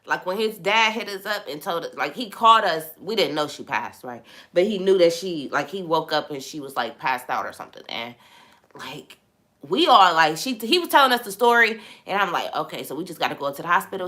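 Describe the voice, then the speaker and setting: A young woman hosting a podcast, talking in a relaxed, conversational way about faith and sometimes dropping into a hushed voice when she tells a story. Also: lowish voice, fairly quick. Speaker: podcast host. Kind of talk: casual spiritual talk.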